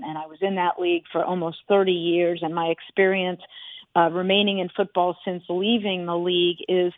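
A woman's voice: lowish voice, dry recording. A middle-aged woman speaking as a guest analyst on a radio talk show, emphatic and repeating words for stress. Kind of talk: radio show phone interview. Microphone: phone line into radio studio. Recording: tinny phone line.

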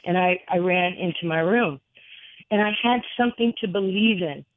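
A middle-aged woman, a radio guest, telling a personal story with many fillers and an earnest, halting way of talking. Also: fairly low pitch, dry recording. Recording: tinny phone line, dry.

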